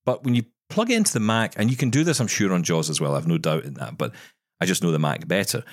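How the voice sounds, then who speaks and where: A man with a very deep voice chats casually as a podcast co-host. He tells stories and drops jokey asides. The sound is dry and close. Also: sing-song, fast talker, dry recording. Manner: chatty, storytelling, jokey asides. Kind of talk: casual chat.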